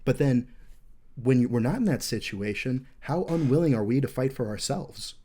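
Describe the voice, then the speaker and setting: A man's voice: mid-range voice, expressive, normal speed, mellow, husky. A young adult man hosting a podcast, telling a war story in a profane, intense, rambling way with frequent fillers. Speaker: podcast host, veteran.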